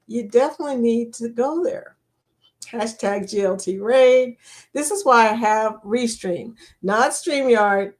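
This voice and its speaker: A woman's voice: on the high side, a little slow. An older woman hosting a live chat stream, reading out viewer comments in a chatty, teasing way and laughing often.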